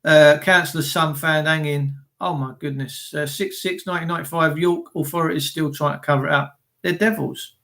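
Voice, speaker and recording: A man's voice: fairly high pitch, steady tone, fairly quick, gravelly, few pauses, bright, forceful tone. A man ranting angrily on a live stream, swearing often, stumbling over his words and reading out comments from viewers. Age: adult with children. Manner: angry, profane, stammering rant. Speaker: livestreamer reading chat.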